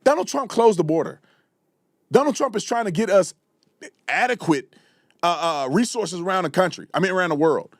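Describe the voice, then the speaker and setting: Man, live show host, heated ranting, very high voice, swooping delivery. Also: expressive, moderate pace, no echo, studio quality. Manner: fiery, ranting, repeats himself, shouts at times. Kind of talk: heated live political commentary.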